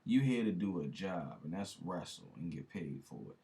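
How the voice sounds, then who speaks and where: A man's voice: low voice, animated, normal speed, dark tone. A man hosting a reaction video, talking casually and with disbelief, laughing now and then and speaking straight to his viewers in slang.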